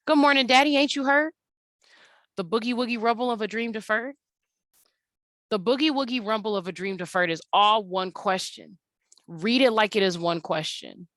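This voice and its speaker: A young adult woman teacher talking through a recorded slide lesson at an unhurried pace, with many ums and uhs. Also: mid-range voice, a bit bright, no room sound.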